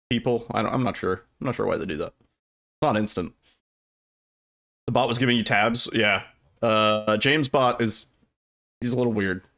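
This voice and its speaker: A man's voice: mid-range voice, a bit bright. A man streaming a speedrun, chatting casually and rambling as he answers his chat, with some casual swearing. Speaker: livestreamer and speedrunner.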